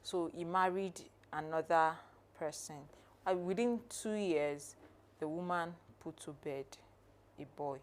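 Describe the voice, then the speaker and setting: A woman co-hosting a podcast, telling a story in a measured, unhurried way. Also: fairly low pitch. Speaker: podcast co-host. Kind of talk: conversational podcast talk, storytelling.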